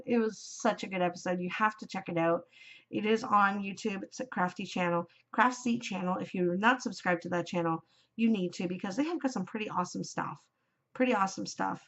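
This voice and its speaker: A woman in her forties hosting a casual craft podcast, gushing and chatty and quick to laugh. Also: mid-range voice, vocal fry, a bit bright, highs cut off. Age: 40s. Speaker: podcast host. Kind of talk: casual chat.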